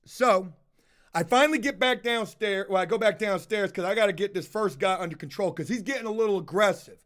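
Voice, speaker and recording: High pitched dude ranting at his viewers, cussing every other word, loud and belligerent. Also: a little fast. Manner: loud, belligerent, heavy swearing, addresses viewers as folks. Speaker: video host. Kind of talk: profane ranting storytime.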